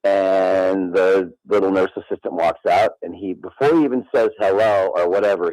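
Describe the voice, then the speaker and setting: A man's voice: sits low, steady tone, normal speed, hardly any pauses, darkish tone, dry recording, poor audio. A man in his sixties telling a boastful story in casual radio chat, acting out both sides of the dialogue with animation. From Midland, Michigan. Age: 60s. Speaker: radio show guest.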